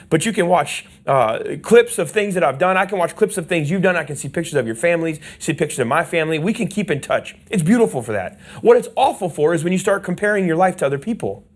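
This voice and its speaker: Passionate man preaching a sermon. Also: high-pitched. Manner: passionate preaching, leads call-and-response; swings from hushed asides to loud emphatic lines. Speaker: pastor. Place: church sanctuary.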